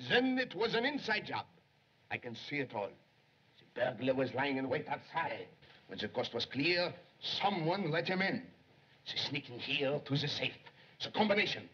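An actor playing an eager, excitable young male police secretary who gets flustered and theatrical, in 1930s film acting. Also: fairly high pitch, moderate pace, husky, full character voice. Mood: excited. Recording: dull lo-fi 1930s film soundtrack.

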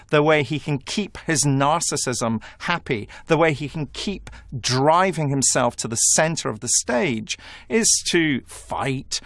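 Lively analytical expert man. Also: a little high, no echo, clean studio sound. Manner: measured, analytical. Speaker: prison expert. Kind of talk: documentary interview.

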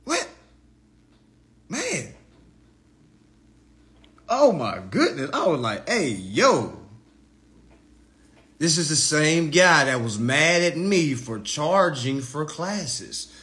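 A man in his thirties delivering a mocking, profane roast monologue to camera, swinging between loud jeers and low mutters. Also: very animated, extremely slow, pauses often. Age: 30s.

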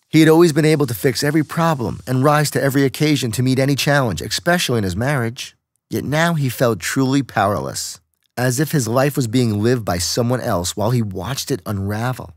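A man's mid-range voice carries a steady, measured audiobook narration, recorded with clean studio sound and no room sound.

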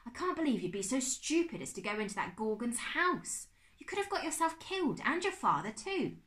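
An excitable middle-aged uncle, put on by a woman reading a storybook aloud, fussy and quick to exclaim. His voice swings widely up and down as he lectures and frets. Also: high voice, pitched above the performer's own voice. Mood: stern. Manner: exclaiming, spluttering.

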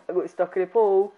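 A woman chatting excitably as she streams a game, laughing often and breaking into loud exclamations. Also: medium pitch, narrow, tinny audio. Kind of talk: casual gameplay chat.

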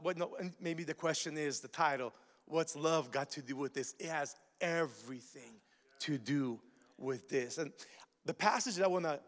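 A man preaching a sermon as pastor, lively and casual, full of asides and repeated phrases. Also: fairly high pitch, long reverb tail. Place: large church hall.

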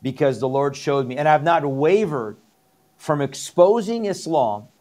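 A man's voice: fairly high pitch, lively intonation, a little slow, darkish tone. A middle-aged man from Iran, a pastor, telling his conversion story in an interview with earnest, emphatic repetition. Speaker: pastor and guest. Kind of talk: testimony in an interview.

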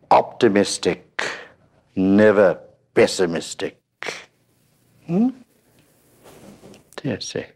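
An older man delivers a spiritual talk to a gathered audience in a very deep, low voice. He speaks slowly and unhurriedly, weaving humorous anecdotes and checking in with listeners through frequent questioning "hmm?" asides. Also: darkish tone. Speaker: spiritual teacher.

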